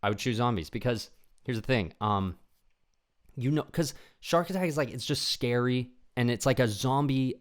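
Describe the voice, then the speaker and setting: A young man hosting a solo podcast in a casual ramble, often dropping into quick imitations of other people. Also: mid-range voice. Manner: rambling, animated, acts out voices of people he imagines. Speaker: podcast host.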